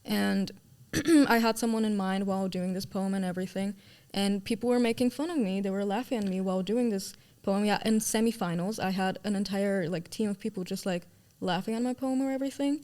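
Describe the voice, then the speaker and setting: A woman's voice: mid-range voice, brisk, few pauses, warm tone. Young woman, guest; bubbly, chatty, laughs easily, mid-range voice. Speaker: guest, student actor. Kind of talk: casual interview chat.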